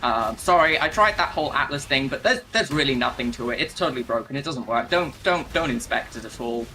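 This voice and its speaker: A man's voice: mid-range voice, lively intonation, a little fast, sharp tone, a little hiss or hum, rough recording. A man voicing an earnest male explorer in an offhand, casual way.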